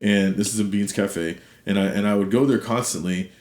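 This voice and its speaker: A middle-aged man tells a personal story in an interview with a fairly low voice. He is earnest and animated, and he drops to a hushed tone for the heavy parts. The recording has a noticeable roomy echo. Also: normal speed. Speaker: interview guest.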